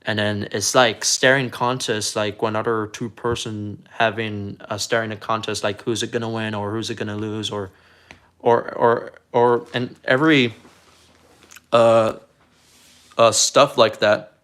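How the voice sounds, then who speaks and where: A man from Puerto Rico talking casually on a live stream, rambling and halting, often repeating words as he restarts sentences. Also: lowish voice, little pitch movement, fairly bright tone, clean tone. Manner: defensive, earnest.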